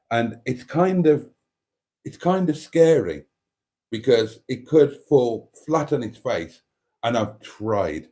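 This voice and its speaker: A man's voice: mid-range voice, lively intonation, slow pace, mellow. A man hosting a live stream, chatting candidly and self-deprecatingly while reading viewer comments.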